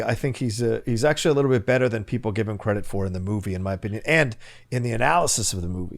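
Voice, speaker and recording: A man's voice: fairly low pitch, creaky. A man co-hosting a podcast, arguing a point about a film character with passion and emphasis. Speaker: podcast co-host. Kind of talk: casual film discussion.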